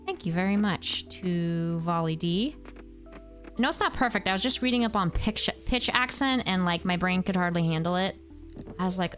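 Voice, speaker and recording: A woman in her thirties from the United States, chatting casually with her viewers while she plays a game, with animated exclamations. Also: lowish voice, measured pace, long pauses, soft background music. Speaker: game streamer. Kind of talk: casual chat while gaming.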